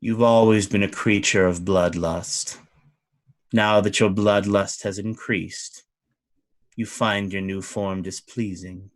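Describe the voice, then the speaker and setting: A man playing a cold, deadpan fey duke. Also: lowish voice, pitched below the performer's own voice. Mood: coldly formal. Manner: slow, formal, archaic phrasing. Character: imperious fey lord, male, cold and deadpan.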